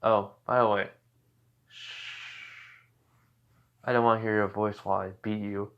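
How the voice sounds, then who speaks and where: A man voicing a cold, cocky young male fighter who makes calm, menacing threats in a story he narrates. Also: lowish voice, fast, highs cut off, a little hiss or hum, close to an everyday voice.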